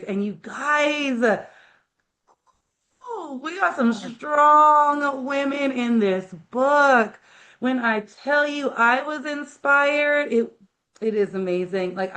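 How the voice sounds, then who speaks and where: Heartfelt, emphatic woman guest. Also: medium pitch. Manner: heartfelt, emphatic and emotional storytelling. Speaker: guest, accountant and author. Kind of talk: casual interview chat.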